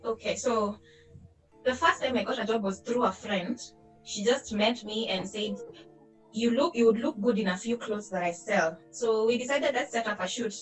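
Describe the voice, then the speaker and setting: A woman's voice: fairly high pitch, moderate pace, faint music behind, low-quality recording. A young Kenyan woman on a panel, telling her career story openly and laughing easily. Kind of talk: online panel discussion. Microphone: video call.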